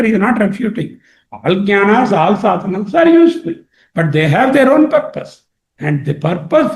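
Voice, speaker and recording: Animated teacher, lively high voice. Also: male voice, reverberant. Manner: repeats and drills each word, asks himself questions and answers them. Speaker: teacher of scripture. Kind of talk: explaining a Sanskrit text to a study circle.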